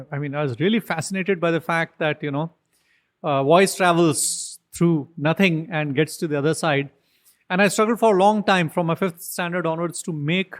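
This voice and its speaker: A man, a podcast guest telling long, rambling stories with many "um"s, "I mean"s and "you know"s. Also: a little high. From India. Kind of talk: casual storytelling interview.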